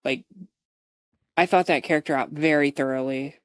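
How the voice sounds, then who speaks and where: A woman's voice: low voice, normal speed, no room sound. A woman streamer chatting casually to her viewers, laughing often and swearing as she retells a roleplay scene.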